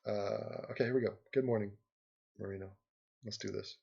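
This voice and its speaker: A man's voice: fairly low pitch, steady tone, normal speed, creaky, mellow, slight background noise. Man, livestream host, rambling, sarcastic, laughs often, muffled lo-fi audio. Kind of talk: casual rambling commentary over a game.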